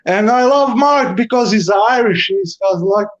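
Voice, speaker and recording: A man's voice: sits high, unhurried. A man from Croatia with a Croatian accent, a non-native English speaker talking bluntly and emphatically on a live stream call, often adding "you know". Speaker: stream caller. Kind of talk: casual chat on a live stream. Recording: dull lo-fi call audio.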